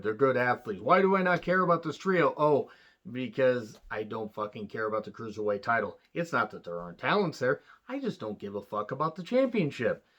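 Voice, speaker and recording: A man's voice: medium pitch, a bit bright. Blunt sarcastic man, lo-fi recording. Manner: blunt, sarcastic, rambling with restarts. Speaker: wrestling show reviewer. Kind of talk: casual profane review monologue.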